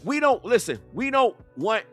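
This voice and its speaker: A man's voice: very high voice, big pitch swings, moderate pace, a bit bright, faint music behind. A man giving heated reaction commentary, confrontational and full of rhetorical questions. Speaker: YouTube commentator.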